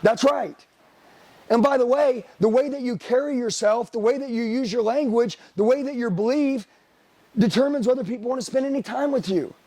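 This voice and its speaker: A man's voice: very high voice, normal speed, warm tone. A middle-aged man giving a blunt, profane motivational sales seminar talk, firing rhetorical questions at the room. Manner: profane, blunt, hard-driving. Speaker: sales trainer.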